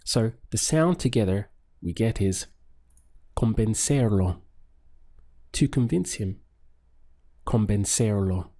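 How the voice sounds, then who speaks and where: Slow, mellow-voiced male language teacher. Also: fairly low pitch. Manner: slow, patient, repeating phrases for the learner. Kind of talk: paced language lesson with pauses for practice.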